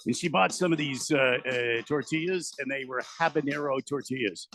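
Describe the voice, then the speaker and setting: Gravelly chatty radio host. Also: male voice, mid-range voice, moderate pace, fairly bright tone, slight background noise. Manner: chatty, easygoing questions. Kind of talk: casual radio banter.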